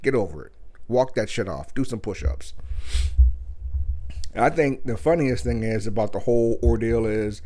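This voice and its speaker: A man's voice: mid-range voice, normal speed, long pauses, dark tone. A man hosting his own show, giving a blunt, crude and sarcastic comedic rant. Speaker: podcast host.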